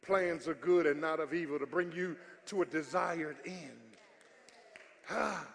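A male pastor preaching a sermon with call-and-response, building up to shouting. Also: on the high side, unhurried, vocal fry. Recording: church hall reverb with faint congregation.

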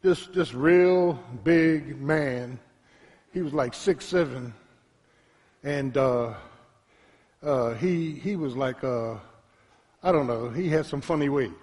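A man preaching a sermon as pastor, trading calls with the congregation and swinging between quiet storytelling and shouted peaks. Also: takes it slowly, pauses often. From Philadelphia. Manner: preaching with call-and-response, rising to shouts; drops to a low, quiet storytelling voice. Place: church sanctuary. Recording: long hall reverb in a church.

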